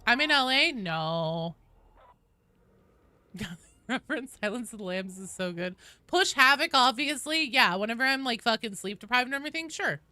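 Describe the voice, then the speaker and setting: A tired woman streaming a game, greeting chat by name in animated, casual talk, with some swearing. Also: on the high side, moderate pace, no echo. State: sleep-deprived and tired.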